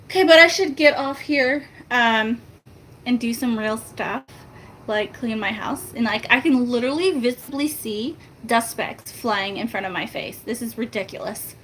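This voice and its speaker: A woman's voice: a little high, moderate pace, a bit bright, slight background noise. A young woman vlogger rambling upbeat in casual chat to her viewers.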